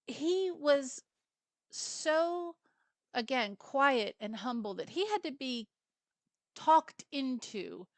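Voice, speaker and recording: A woman's voice: mid-range voice, fairly bright tone, no room sound. A woman co-hosting a casual film review chat on a video call, enthusiastic and rambling, with many fillers and restarts. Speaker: film club co-host.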